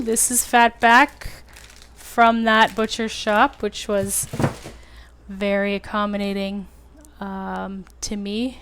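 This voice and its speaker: A woman's voice: mid-range voice, pushed and bright, clear, resonant tone. A woman hosting a casual cooking tutorial, chatty and self-deprecating, with lots of fillers. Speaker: home cooking channel host.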